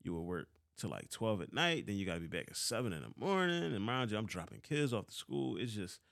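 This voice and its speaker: A man in his thirties with a Philadelphia accent tells a story about an old boss, heated and swearing often. His voice sits a little low. The sound is dry, with no room echo. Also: big pitch swings, brisk, gravelly, a bit bright. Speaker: vlogger. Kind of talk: casual storytelling rant.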